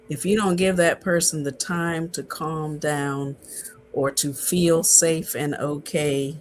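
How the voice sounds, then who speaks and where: A man working as a relationship coach, calmly explaining practical tools step by step in a podcast conversation. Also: on the high side, slight background noise. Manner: calm, instructive, lists steps.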